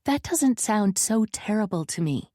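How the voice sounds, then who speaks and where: A woman voicing a defiant, sharp-tongued young woman in an audiobook scene, answering back with cutting retorts. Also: medium pitch, expressive, unhurried, no room sound, studio quality, pitched above the performer's own voice.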